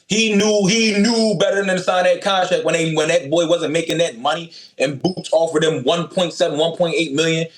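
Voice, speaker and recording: A man's voice: sits high, a little fast, hardly any pauses, roomy sound. A man calling in as a boxer guest, talking trash in a blunt, profane, emphatic way. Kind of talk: brash trash talk.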